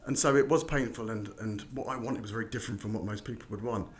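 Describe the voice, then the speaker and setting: London guy on a podcast, talks quick, rambling story, bit of background noise. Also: fairly low pitch. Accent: London with a Midlands tinge. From England. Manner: chatty, storytelling, with restarts. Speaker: podcast guest, recruitment founder. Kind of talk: casual interview chat.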